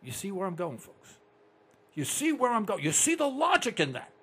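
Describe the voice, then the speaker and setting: An older man hosting a talk radio show, ranting in a blunt, excitable monologue. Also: high voice, moderate pace, slightly rough. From United States.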